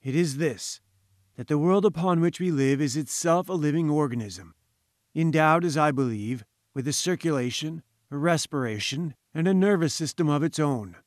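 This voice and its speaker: A man's voice: fairly high pitch, normal speed, no echo, studio quality, lightly acted. A man voicing a pompous, condescending professor who lectures in grand, patronizing tones, in an audiobook reading. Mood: pompous, lecturing. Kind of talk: audiobook character voice.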